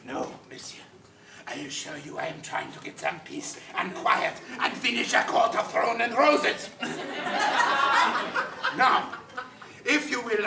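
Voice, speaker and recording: A man doing a haughty detective. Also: high voice. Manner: haughty, formal, exasperated. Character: pompous French male detective, weary and aloof. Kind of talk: improv comedy scene. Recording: echoey stage from far off, noisy.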